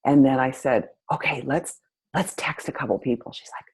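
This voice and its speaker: A woman's voice: low-pitched, fairly quick, a little mellow, slightly rough, poor audio. A woman hosting a talk, telling a story and acting out both sides of a conversation with lots of energy. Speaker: host. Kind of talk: storytelling to an audience.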